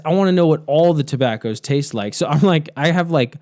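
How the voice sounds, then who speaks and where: A man in his thirties co-hosting a casual podcast chat, blunt and quick to swear. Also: fairly high pitch, animated, a little mellow, dry recording, clean studio sound. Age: 30s. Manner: blunt, swears freely, mocks slow talkers. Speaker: podcast co-host.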